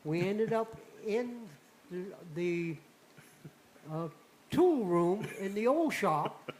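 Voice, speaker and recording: An older man, a returning radio guest, telling a personal story in a folksy, animated way and acting out the dialogue. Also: high voice, slow pace, low-quality recording.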